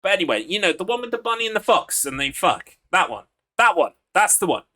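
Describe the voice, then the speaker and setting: Man, game streamer, casual live-stream chat, rambling and crude, bright forceful voice. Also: high voice, big pitch swings, quick pace. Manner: rambling, crude joking, frequent fillers.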